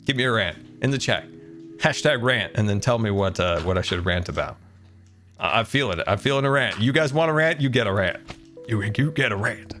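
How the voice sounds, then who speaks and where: Animated man streaming, lively voice. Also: lowish voice, fairly quick, soft background music. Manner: animated, laughing, chatting with viewers. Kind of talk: casual live-stream chat.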